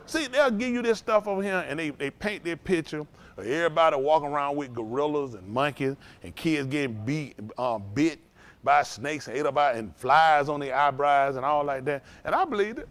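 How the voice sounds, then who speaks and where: Older man, informal folksy preacher, rambling and animated. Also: on the high side, brisk. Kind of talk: informal sermon.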